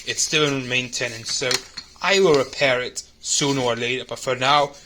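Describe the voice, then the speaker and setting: A man's voice: mid-range voice, moderate pace, sharp tone, slight background noise, lightly acted. A man voicing the Green Goblin, a gloating green supervillain inventor, in a boastful, taunting manner for a fan audio drama.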